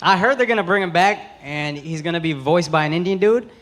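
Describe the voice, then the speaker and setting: A man in his thirties doing a stand-up comedy set, brash and profane, shouting his punchlines. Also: on the high side, fairly quick. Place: comedy stage before a live audience. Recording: live club recording with loud crowd. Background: loud audience laughter.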